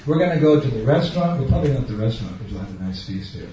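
A man's voice: mid-range voice, animated, very fast, warm tone, slight background noise. Man preaching in an echoey hall. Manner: emphatic, asks the audience direct questions; acts out everyday scenes in different voices. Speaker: spiritual teacher. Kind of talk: sermon. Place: large room with an audience. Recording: dull, echoey hall, far from the mic.

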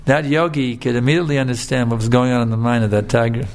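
A man giving a sermon, telling a fable in a relaxed, conversational way with frequent filler tags. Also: mid-range voice, quick pace. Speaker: preacher. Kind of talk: sermon with storytelling.

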